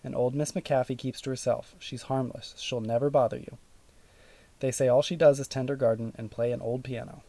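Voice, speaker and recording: A man voicing a calm, gentle mother in an audiobook, speaking softly and steadily. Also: medium pitch, brisk, no echo, lightly acted. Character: gentle worried mother, middle-aged woman.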